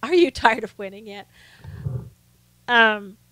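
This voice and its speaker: Lady chatting on her live stream, smooth higher voice, laughs a lot, dry close sound. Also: animated, takes it slowly, sharp tone, no room sound. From American South. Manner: chatty, laughs often, acts out anecdotes. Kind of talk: casual political chat reading viewer comments.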